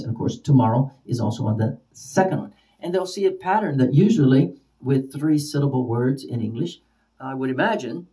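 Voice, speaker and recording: Mellow-voiced male teacher, slightly distant. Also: mid-range voice. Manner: repeats example words slowly with varied stress. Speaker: ESL teacher. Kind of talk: spoken lesson for teachers.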